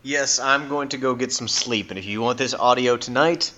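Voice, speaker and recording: Wry co-host on dull lo-fi audio. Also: male voice, mid-range voice, normal speed, sharp tone. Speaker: podcast co-host. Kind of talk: casual podcast chat.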